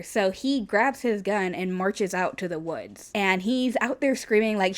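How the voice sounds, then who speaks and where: A young woman recounting a creepy local legend in a loose, conversational way. She talks casually, stringing her story together with fillers and dropping swear words for emphasis, at a middling pitch. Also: measured pace, few pauses. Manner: chatty, lots of "like" and swearing for emphasis. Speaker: podcast co-host telling urban legends.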